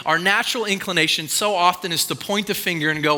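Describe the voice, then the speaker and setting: Man, pastor, conversational sermon, very bright tone, church. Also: high voice, a little fast, few pauses, big-room sound. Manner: conversational, acts out quoted voices.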